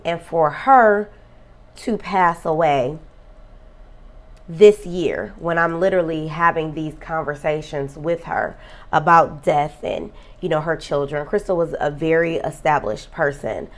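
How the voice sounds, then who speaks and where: A woman's voice: low voice, unhurried. A woman vlogger talking earnestly about a friend's death, emotional and close to tears. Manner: emotional, tearful; reflective, earnest. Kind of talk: personal vlog talk.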